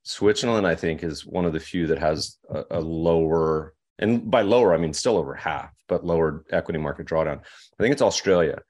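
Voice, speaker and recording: Male podcast guest, deep register, loose rambling delivery full of fillers. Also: fairly quick, a little mellow. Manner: rambling, with many fillers and restarts. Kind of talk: casual podcast conversation.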